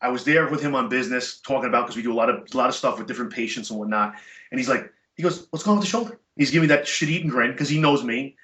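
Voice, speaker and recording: A middle-aged man, a podcast guest, telling stories in casual chat, animated and emphatic with blunt profanity. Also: medium pitch, rapid-fire. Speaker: podcast guest, chiropractor and jiu-jitsu black belt. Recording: echoey room, dull lo-fi sound.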